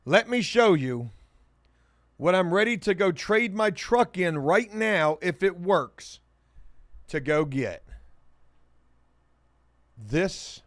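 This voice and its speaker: A man hosting a casual livestream, reading viewer comments and joking around, swinging between loud hype and muttered asides. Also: high voice, sing-song, slow pace, pauses often, no room sound, clean studio sound. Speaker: livestream host.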